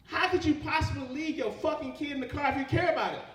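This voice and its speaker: A man's voice: very high voice, quick pace, fairly bright tone, reverberant, recorded from a distance. A young man doing live stand-up comedy, profane and rambling as he works the crowd. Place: comedy club stage. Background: audience laughter.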